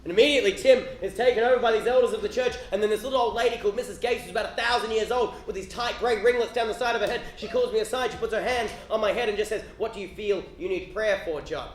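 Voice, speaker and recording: An Australian man telling an animated comic story live on stage, sometimes building to loud, laughing shouts. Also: sits high, racing, hardly any pauses, slight background noise. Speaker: comedian storyteller. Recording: roomy live venue echo.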